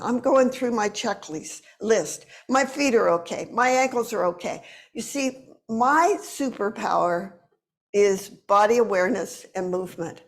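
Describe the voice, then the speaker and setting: A woman in her seventies, a movement teacher, telling a personal story slowly and expressively. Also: medium pitch. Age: 70s. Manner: slow, deliberate, expressive.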